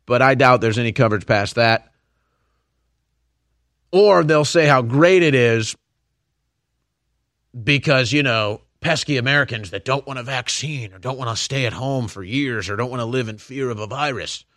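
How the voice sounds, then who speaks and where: A man's voice: mid-range voice, moderate pace, pauses often, fairly bright tone, dry recording, studio quality. A man hosting a political commentary show, delivering a heated, ranting monologue straight to his audience. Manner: heated, ranting, addresses listeners as folks and man.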